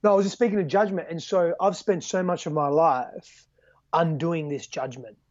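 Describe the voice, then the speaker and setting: A man's voice: on the high side, fairly even intonation, normal speed, dry recording. An Australian man as a podcast guest, talking earnestly and reflectively, swearing casually and often tagging "right?" and "man". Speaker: guest coach. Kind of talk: candid podcast conversation. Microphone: video call. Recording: dull lo-fi video call audio.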